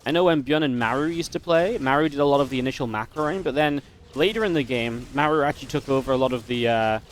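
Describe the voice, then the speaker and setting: A man's voice: medium pitch, quick pace, slight background noise. A man casting a strategy game match, chatty and analytical, breaking into easy laughs. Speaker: esports caster. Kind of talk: play-by-play game commentary.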